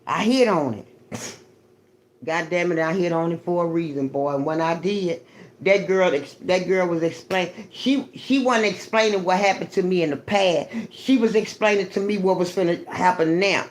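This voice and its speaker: A woman hosting a livestream, telling a personal story in a profane, animated, repetitive way. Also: on the low side, normal speed. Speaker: livestream host.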